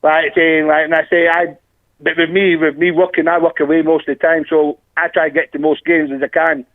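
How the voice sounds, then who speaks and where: A man's voice: a little high, level tone, a little fast, dry recording. A Glaswegian man chatting as a guest fan, telling rambling stories with restarts and laughter. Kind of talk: casual chat, storytelling. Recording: tinny phone-like line.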